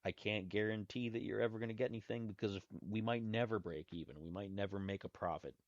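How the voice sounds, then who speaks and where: On his own podcast, this man talks quickly in a lowish voice with fairly even intonation. He rambles casually, restarting and drifting into asides, and the dry recording has a dull lo-fi quality.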